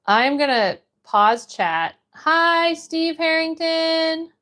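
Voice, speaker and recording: Woman, from Florida, high voice, slow pace, livestream host, reads chat messages aloud, casual chat. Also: bright, forceful tone. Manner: reads viewer messages aloud and answers them while painting.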